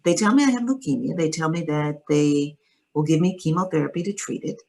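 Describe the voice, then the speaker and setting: A woman, a guest in an interview, calmly and reflectively retelling a personal story. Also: sits low, a little fast, rough recording.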